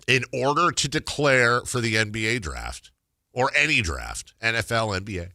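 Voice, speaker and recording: A male sports radio host with a bright, forceful voice that swings all over the place. He talks in a sarcastic, jokey way, breaking into loud outbursts, recorded dry and close on a studio mic. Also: mid-range voice, dry recording. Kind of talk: sports talk radio banter. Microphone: studio microphone.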